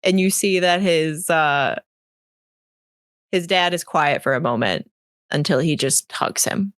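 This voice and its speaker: A woman narrating a tabletop role-play game as game master, in a casual way with fillers, putting on quick voices for the characters. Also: low voice, dry recording, studio quality.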